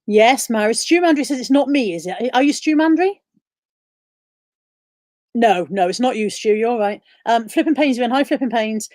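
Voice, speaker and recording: A woman's voice: a little high, lively intonation, normal speed, darkish tone, no room sound, studio quality. Chatty woman reading viewer questions. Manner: reads viewer questions aloud and answers them. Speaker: live stream host. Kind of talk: casual live-stream chat.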